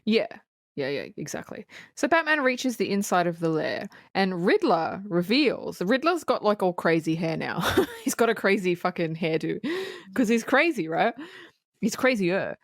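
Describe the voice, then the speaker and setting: A woman co-hosting a casual movie-review podcast, recapping the plot in an animated way with frequent swearing and laughter. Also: mid-range voice, normal speed, no room sound, studio quality. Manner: animated storytelling, swears freely, laughs often. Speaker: podcast co-host.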